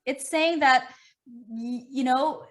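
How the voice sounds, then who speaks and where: A middle-aged woman fitness coach, talking in an animated, emphatic way with lots of repetition during an online interview. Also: sits high, takes it slowly, faint music behind.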